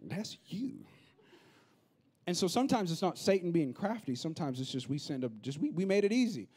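Animated, joking man preaching a sermon. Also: a little high, fast. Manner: animated, humorous, acts out quoted people. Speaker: pastor. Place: church auditorium.

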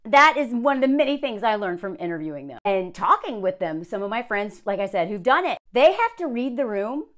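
A woman's voice: mid-range voice, lively intonation, fairly quick, few pauses, a bit bright. A woman giving sarcastic reaction commentary on a story she reads aloud. She gets worked up as she talks. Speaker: video commentator.

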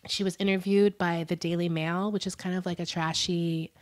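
A young adult woman co-hosting a true-crime podcast in a loose, chatty way. She giggles often and reads quotes aloud, with a voice that sits a touch low. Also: flat delivery, normal speed. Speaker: podcast co-host. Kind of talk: casual true-crime chat.

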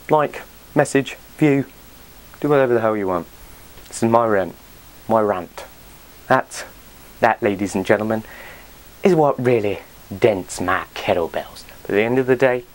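A man ranting to camera as a fitness vlogger, blunt and sweary, full of exasperation. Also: on the low side. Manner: blunt, sweary, exasperated, quotes people in other voices.

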